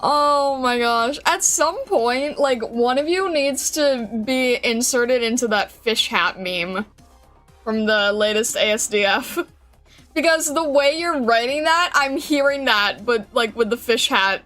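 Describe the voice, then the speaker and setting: A woman's voice: a little high, expressive, a little slow, fairly bright tone, faint music behind. Bubbly woman streamer greeting her chat. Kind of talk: casual live-stream chat. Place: home streaming room with a fan. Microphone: desk mic with noise filter.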